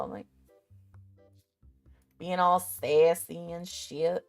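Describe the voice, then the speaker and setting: Young woman vlogger, low and unhurried, sassy and sweary, rambling and muttering through a list. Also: soft background music. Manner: muttering to herself while making a list. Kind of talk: casual chat.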